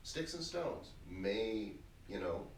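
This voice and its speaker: Male podcast host, quick wry interjections; phone mic across an echoey apartment room with faint ambience. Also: on the low side, sing-song, recorded from a distance, slight background noise. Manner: brief interjections and wry asides. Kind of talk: casual conversation. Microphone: phone recording from across the room.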